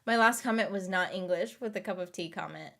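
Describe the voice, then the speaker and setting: A woman's voice: medium pitch, brisk, vocal fry, a bit bright. A woman in her thirties chatting casually with her stream viewers late at night, giggly and rambling, laughing often and trailing off, tired. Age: 30s.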